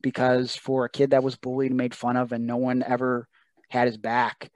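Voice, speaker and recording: A man's voice: medium pitch, monotone, moderate pace, no room sound. A man in his thirties, a wrestler as podcast guest, telling a personal story in an earnest, emotional way, acting out what others said. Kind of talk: casual storytelling interview.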